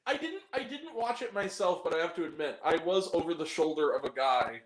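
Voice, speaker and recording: A man with a high, very lively voice jokes crudely and laughs easily in a casual chat. His voice rings with a roomy echo, as if the room is bare. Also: a little fast. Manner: animated, crude joking, frequent laughter. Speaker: podcast host.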